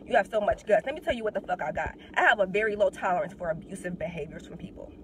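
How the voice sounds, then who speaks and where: A woman's voice: on the low side, rapid-fire, a little hiss or hum, low-quality recording. A young woman, talking bluntly and with heavy swearing in a casual monologue while getting over a cold. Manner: blunt, profane, animated. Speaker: vlogger. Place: in a car.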